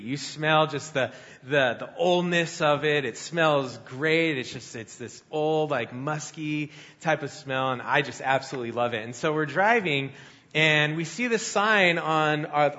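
A man's voice: mid-range voice, highs cut off. A young man giving a sermon, telling a personal story in a conversational way and acting out what people said. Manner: storytelling, conversational, animated quoting. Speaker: pastor.

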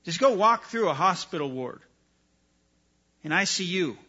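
A man preaching a sermon, earnest and emphatic, his voice rising for stress and dropping low and quiet for weight. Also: animated, a little slow. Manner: earnest, emphatic preaching that rises and drops in volume. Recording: dull lo-fi sound.

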